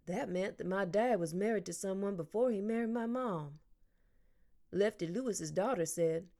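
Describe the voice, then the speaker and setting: A woman's voice: medium pitch, moderate pace, mellow. Woman reading a children's novel aloud. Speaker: audiobook narrator.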